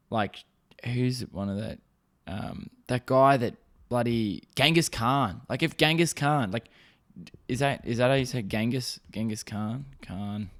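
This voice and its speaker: A man's voice: mid-range voice, a bit bright. Young guy, solo podcast host, loose rambling delivery, heavy swearing, a little sore-throated. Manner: rambling, swears often, lots of fillers. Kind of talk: casual solo podcast monologue.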